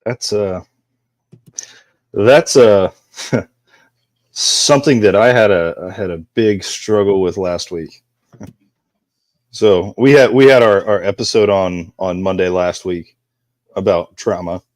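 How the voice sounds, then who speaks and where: A man's voice: low voice, slow pace, pauses often, a little mellow, no room sound. A man on a podcast as a guest, talking openly and candidly in casual chat. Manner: open, candid storytelling.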